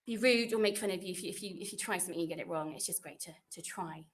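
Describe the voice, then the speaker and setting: A woman's voice: fairly low pitch, rapid-fire. A woman secondary school French teacher giving a chatty, reassuring welcome talk to new pupils over a computer microphone from her classroom, with lots of fillers and restarts.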